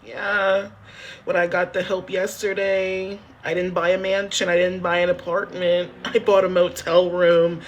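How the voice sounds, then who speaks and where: A man with a high, level voice talks unhurriedly over slight background noise. He's on a casual phone livestream in a motel room, half joking with chat, rambling, repeating himself and swearing freely as he asks his viewers for help.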